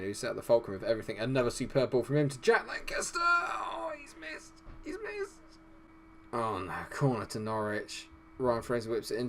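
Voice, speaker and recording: A man's voice: on the low side, slight background noise. A young man commentating casually on his own football management game, swearing freely and cheering and groaning at the action. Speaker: gaming YouTuber.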